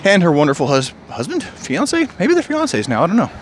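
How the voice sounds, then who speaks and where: A man vlogs alone to camera in a high-pitched voice that swoops wildly and moves fairly quickly, with slight background noise. His monologue is rambling and reflective, drifting between stories and feelings, and he sighs often.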